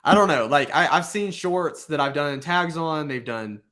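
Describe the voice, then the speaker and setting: A man's voice: fairly high pitch, moderate pace. A man hosting a casual chat, giving rambling advice full of fillers and restarts. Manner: rambling, filler-heavy, animated. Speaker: YouTube host giving channel advice.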